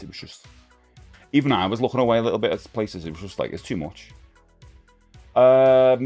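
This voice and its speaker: A man's voice: lowish voice, darkish tone. A middle-aged man hosting a livestream, chatting casually with viewers in a rambling, self-deprecating way full of fillers. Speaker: livestream host. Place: home streaming room. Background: faint music.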